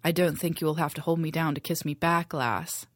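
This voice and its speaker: A woman's voice: fairly low pitch, animated, normal speed, no echo, clean studio sound, close to an everyday voice. A woman voicing a roguish Irish male sea captain who teases and taunts. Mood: teasing. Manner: teasing, taunting.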